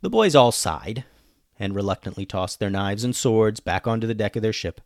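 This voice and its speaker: A man narrating a children's adventure story with an expressive, animated delivery. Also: fairly low pitch, moderate pace, no echo, clean studio sound.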